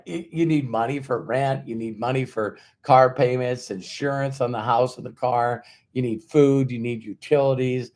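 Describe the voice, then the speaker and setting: A man speaking as a motivational speaker, at an ordinary middle pitch for a man. He talks in a loose, conversational way, leans hard on repeated words and acts out the voices in his stories. He keeps asking the listener rhetorical questions. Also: moderate pace. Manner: emphatic, repeats words for stress, acts out quoted dialogue. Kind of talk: motivational talk with storytelling.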